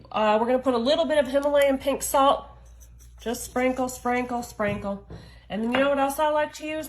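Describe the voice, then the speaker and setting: A woman's voice: a little high, low-quality recording. A woman demonstrating a recipe in her home kitchen, talking in a chatty, folksy way straight to her viewers. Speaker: home cook. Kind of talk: cooking demonstration.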